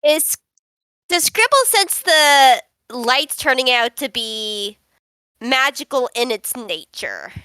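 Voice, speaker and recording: A woman's voice: sits high, sing-song, slow, pushed and bright, clear, resonant tone, dry recording. A woman playing a tabletop game over voice chat, casually narrating what her character does. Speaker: player.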